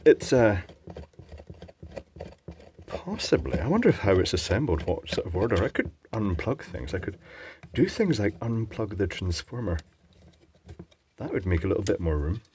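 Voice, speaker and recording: A man's voice: fairly low pitch, sing-song, normal speed, pauses often, darkish tone, a little hiss or hum. A man presenting an electronics teardown, musing and chatting as he thinks aloud while working. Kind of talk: casual talk-through while taking apart a device.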